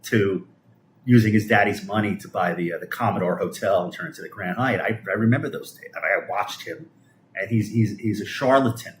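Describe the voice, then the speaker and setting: A man's voice: on the low side, echoey room, a little hiss or hum. A middle-aged man from Brooklyn, ranting with scorn and heavy swearing on a live stream, stumbling and restarting often. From Brooklyn, New York. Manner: foul-mouthed, scornful, halting with restarts. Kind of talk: profane political rant on a live stream.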